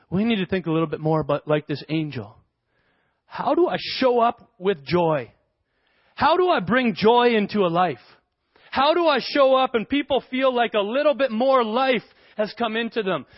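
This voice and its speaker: A young man preaching a sermon as a pastor, animated and conversational with playful asides. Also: high voice, no room sound. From Canada. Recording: dry, dull lo-fi sound.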